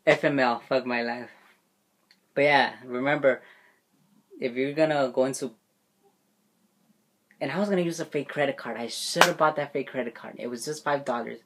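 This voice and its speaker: A man's voice: medium pitch, normal speed, pauses often, a bit bright, slight background noise. A man ranting casually to camera as a vlogger, swearing freely and laughing often. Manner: profane, indignant, laughs often. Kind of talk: casual vlog rant.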